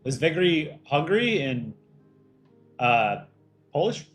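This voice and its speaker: A man's voice: mid-range voice, expressive, moderate pace, pauses often, fairly bright tone, faint music behind. A man hosting a casual livestream, reading out fan art entries and reacting with light jokes.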